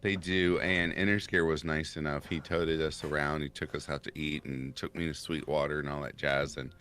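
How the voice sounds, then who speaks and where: Man, very low voice, bright and forceful tone, storytelling guest, faint music. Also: little pitch movement, normal speed. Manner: chatty storyteller, laughs often. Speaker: podcast guest. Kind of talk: casual chat.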